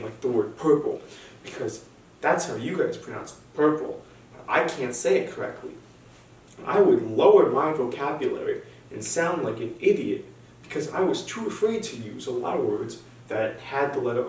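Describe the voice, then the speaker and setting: A young man doing a stand-up set, self-deprecating and hesitant, with frequent restarts. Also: mid-range voice. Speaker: stand-up comic. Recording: very echoey room, distant mic, faint hum.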